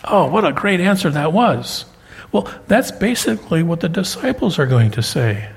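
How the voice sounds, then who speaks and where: A middle-aged male pastor preaching with animated swings in pitch. His voice sits a little high and sounds husky. It rings out with the long reverb of a church sanctuary. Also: normal speed. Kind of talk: sermon.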